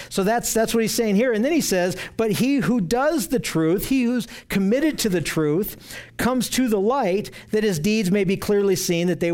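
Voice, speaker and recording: Earnest male Bible teacher with a high voice, slow deliberate scripture reading. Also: darkish tone. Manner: earnest, emphatic, repeats phrases for stress.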